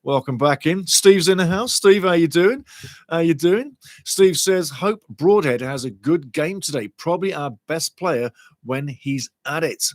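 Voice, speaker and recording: Chatty, excitable man hosting a live match stream. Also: a little high, measured pace, dry recording. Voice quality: chatty, excitable, swears casually. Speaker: watchalong host. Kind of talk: live fan commentary and chat reading.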